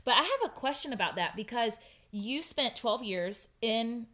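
A woman's voice: a little high, lively intonation, normal speed, a bit bright. A woman co-hosting an interview, engaged and asking follow-up questions. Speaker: co-host. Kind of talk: casual interview chat.

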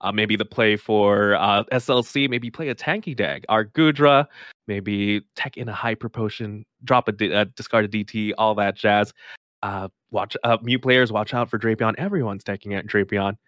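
A man guesting on a casual podcast, talking in a relaxed, chuckling way. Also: lowish voice, normal speed, no room sound, clean studio sound. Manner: laid-back, chuckles between lines. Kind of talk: casual chat.

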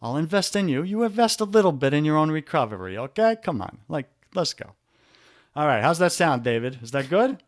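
A man with a New York accent, a coach and podcast guest, pitching his offers energetically and spelling out web addresses slowly. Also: very animated, dry recording, studio quality. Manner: pushy, repeats web addresses slowly, rallying.

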